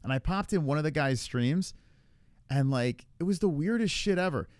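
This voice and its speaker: A man hosting a casual podcast, his pitch a bit high and bouncing all over as he reacts to streams. He swears freely and laughs often. The sound is close and dry. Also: animated, normal speed, darkish tone, dry recording. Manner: profane, loose, laughing often. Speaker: podcast host.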